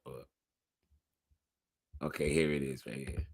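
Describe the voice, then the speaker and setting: A man's voice: extremely low pitch, little pitch movement, unhurried, creaky, husky, no room sound, clean studio sound. A man hosting a reaction video, chatting casually and profanely to his viewers with laid-back asides.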